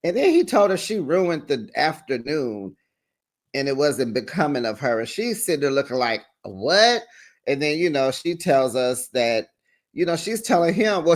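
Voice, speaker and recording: A man hosting a casual recap of a reality show, sassy and animated, acting out quotes and laughing between remarks. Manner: sassy, animated, acts out quotes with sharp pitch jumps. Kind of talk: casual chatty recap commentary.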